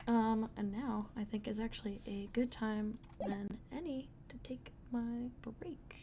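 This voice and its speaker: A woman's voice: fairly high pitch, very animated, a little slow, creaky, few pauses. A woman streaming a game, chatting casually and swearing freely between lines. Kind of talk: casual gaming stream chat. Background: game music.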